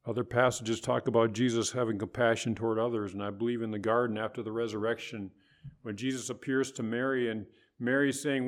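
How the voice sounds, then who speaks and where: A man preaching a sermon, quoting scripture, rising higher and louder when voicing others and dropping soft for gentle words. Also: steady tone, a little fast. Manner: rises in pitch and volume for quoted voices, drops soft for tender words; preaching with biblical quotations.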